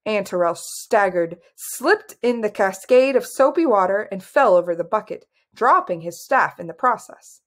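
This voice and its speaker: Woman, audiobook narrator, fantasy novel, measured, even. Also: medium pitch. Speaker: audiobook reader.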